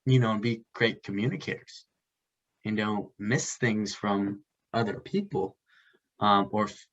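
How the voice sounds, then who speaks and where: A man co-hosting a casual advice chat, halting and searching for words as he explains. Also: lowish voice, fairly even intonation, a bit bright. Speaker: podcast co-host. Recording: dull lo-fi sound.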